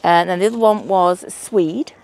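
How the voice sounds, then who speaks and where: An allotment vlogger from England with a Northern English accent chats to camera while working on her windy outdoor allotment garden. Her voice is on the low side and a little mellow at a normal speed, and she thinks aloud and laughs at herself.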